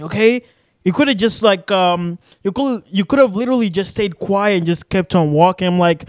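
Young guy rambling on his podcast, lots of ums and cussing, highish smooth voice. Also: moderate pace, dry recording, studio quality. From Arizona. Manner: rambling, filler-heavy, cursing. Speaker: podcast host. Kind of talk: casual solo podcast chat. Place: shared studio office.

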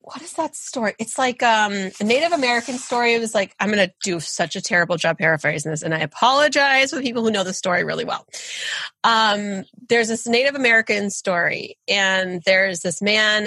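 An earnest woman talks through ideas on a podcast in a bright, forceful voice. She sounds encouraging and reflective. The recording is dry and close. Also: mid-range voice, no echo. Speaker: podcast guest, intuitive. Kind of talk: casual spiritual conversation.

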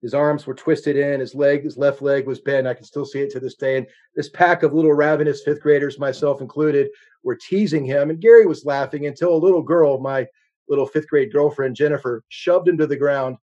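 A man's voice: fairly high pitch, steady tone, brisk, dark tone, dull audio. A middle-aged man preaching a sermon as a guest speaker, telling a personal story earnestly and with shifting intensity. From United States.

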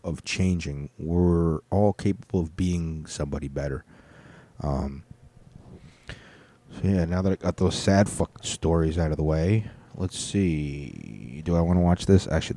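A man reacts to online videos with casual, blunt and profane commentary, swinging from somber to worked up. His voice is low, gravelly and mellow, at a moderate pace.

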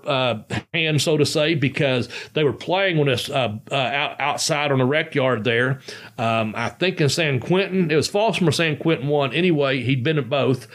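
A man hosting a casual podcast, talking loosely and rambling with plenty of swearing. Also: medium pitch. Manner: rambling, profane, loose storytelling. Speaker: podcast host.

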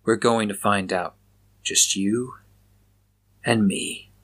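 A man's voice: lowish voice, steady tone, slow pace, fairly bright tone. A man voicing a stern, determined male police officer in an audiobook, with a commanding, clipped delivery. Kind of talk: audiobook character voice.

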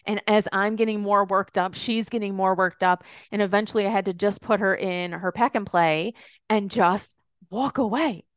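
Chatty, smooth-voiced woman podcaster. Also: mid-range voice, moderate pace, no room sound, clean studio sound. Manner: chatty and rambling, many "like"s and asides. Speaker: podcast host and business coach. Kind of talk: solo podcast talk.

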